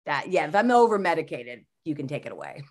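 A woman comedian and mental health speaker, a guest on a podcast, talking in a high-energy, animated storytelling way. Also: fast. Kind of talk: casual podcast conversation.

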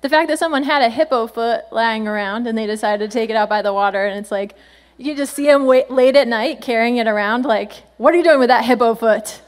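A woman's voice: on the high side, brisk. A woman senior pastor giving a chatty, playful sermon, laughing often as she talks.

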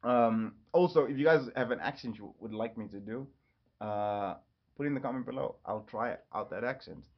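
A man hosting his own casual solo podcast, rambling and jumping quickly from topic to topic. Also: medium pitch. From Ireland. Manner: rambling, jumps between topics. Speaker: podcast host. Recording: slightly dull lo-fi audio.

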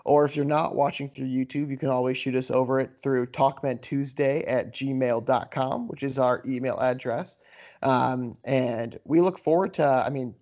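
A man in an easygoing chat, co-hosting a podcast and trading jokes. His voice sits at an ordinary pitch. The recording is a bit dull and lo-fi. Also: a little mellow. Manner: laid-back, joking. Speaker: podcast co-host. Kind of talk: casual chat.

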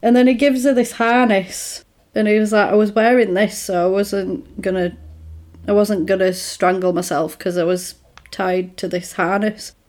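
A woman in casual conversation, telling a film's story with lively swings in her voice as she acts out each character's lines. Her pitch sits in a middling range. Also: moderate pace. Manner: animated storytelling, acting out quoted lines. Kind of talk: casual chat retelling a film plot.

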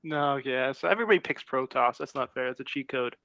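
A man's voice: mid-range voice, fairly quick, creaky, sharp tone, no echo. A man hosting an interview podcast, asking easygoing questions and laughing along with his guest. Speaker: podcast host. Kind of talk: casual interview chat.

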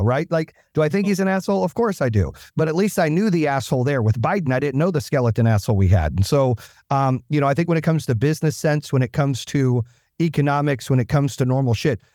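A man's voice: mid-range voice, no room sound, studio quality. A man telling a story in casual conversation, blunt and swearing freely. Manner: animated, swears freely, acts out quotes.

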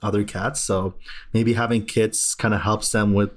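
Low-voiced easygoing man chatting. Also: level tone. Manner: easygoing, quick to agree, lots of "like". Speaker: podcast co-host. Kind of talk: casual book-club chat.

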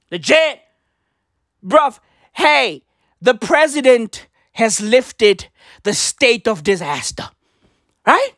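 South african guy yelling and cussing in a comedy rant, slow and drawn out, bright sharp voice. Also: very high-pitched, big pitch swings, no echo, clean studio sound.

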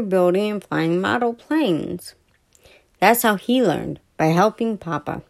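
Woman softly reading a children's storybook. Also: medium pitch, animated, slow, gravelly. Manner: soft, stumbling, self-correcting reading. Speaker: podcast host.

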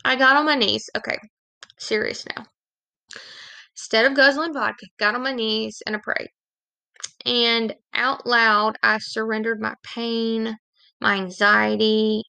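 A woman's voice: fairly high pitch, creaky, pushed and bright, dry recording. A woman giving a candid, confessional devotional talk as a Christian speaker, sharing her own testimony with a bit of self-deprecating humor.

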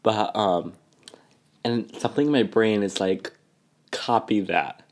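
A young man with a rather low voice chats casually as a podcast co-host. He tells stories in an animated way and leans heavily on fillers. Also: unhurried. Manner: animated, filler-heavy storytelling. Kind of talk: casual chat.

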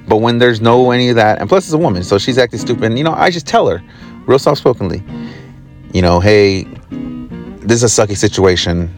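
A man's voice: medium pitch, animated, quick pace, a little mellow, soft background music. A man hosting his own podcast, telling a work story in a casual, rambling way with lots of swearing and fillers. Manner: rambling, profane, with many fillers. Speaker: podcast host. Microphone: recording on the job, from a motel.

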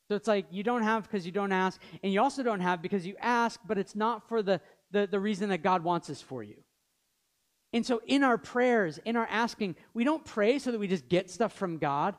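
High-voiced, animated male preacher. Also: normal speed. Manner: animated, jokey, acts out quoted voices. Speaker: pastor. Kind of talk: sermon.

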